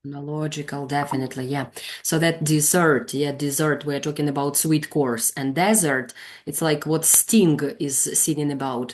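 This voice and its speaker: A woman leading an online English teaching lesson, calling on trainees and explaining their mistakes. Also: low voice. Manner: calls on students, corrects gently.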